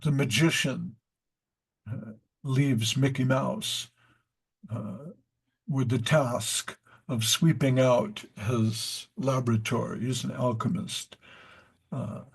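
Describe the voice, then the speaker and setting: A man leads a devotional class at an unhurried pace, wandering through stories and asides. His voice is gravelly and husky. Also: medium pitch, steady tone. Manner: rambling, with many fillers and asides. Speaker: teacher of a devotional study class.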